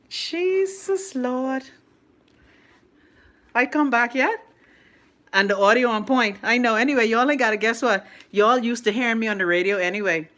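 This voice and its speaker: A Bahamian woman hosting a live stream from her phone, chatting casually and reading out viewer comments, laughing often and talking in an animated, playful way. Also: fairly high pitch. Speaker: livestream host.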